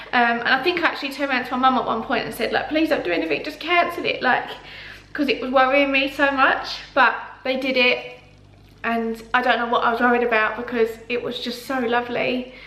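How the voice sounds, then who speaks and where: A woman's voice: on the high side, sharp tone. A young woman, talking casually in a pregnancy vlog, chatty and full of "like" and "um" fillers. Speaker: vlogger. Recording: echoey room.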